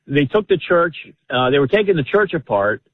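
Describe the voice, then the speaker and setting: A man's voice: a little high, sing-song, normal speed, no room sound. A man calling in to a radio show, telling a family story in an eager, rambling way with lots of fillers. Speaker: caller. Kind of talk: phone-in storytelling. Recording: tinny phone line.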